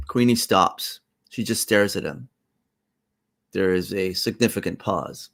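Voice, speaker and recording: A man reads his own play aloud, slow and deliberate, narrating stage directions. He voices every part himself, rising and falling with the roles. Now and then he laughs at his own lines. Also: sits low, gravelly, fairly bright tone.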